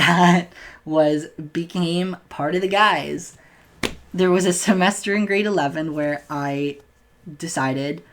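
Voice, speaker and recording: Candid young man, stumbling over words. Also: fairly high pitch. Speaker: vlogger. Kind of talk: casual personal storytelling to camera.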